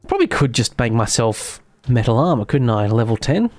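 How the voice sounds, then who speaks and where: A man's voice: medium pitch, fast talker, a little mellow, faint music behind. An Australian man with an Australian accent, casually commentating his gameplay with sarcastic, self-mocking humor and free swearing. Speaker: streamer.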